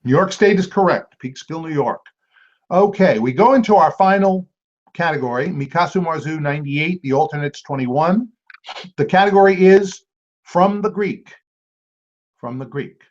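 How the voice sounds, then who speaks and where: A man hosting a trivia quiz, reading clues aloud and repeating each one slowly. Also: a little high, a little mellow. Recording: dull lo-fi amateur recording.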